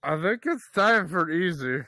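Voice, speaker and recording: A man's voice: fairly high pitch, lively intonation, a little slow, sharp tone. A man bantering crudely while gaming in a put-on Scottish accent, sounding tired. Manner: crude, joking, drowsy drawl. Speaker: gamer. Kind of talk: casual gaming chat.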